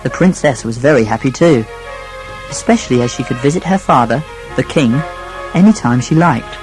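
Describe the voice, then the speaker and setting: A man narrating a children's storybook, speaking gently to a young listener. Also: medium pitch, animated, normal speed, music in the background, rough recording.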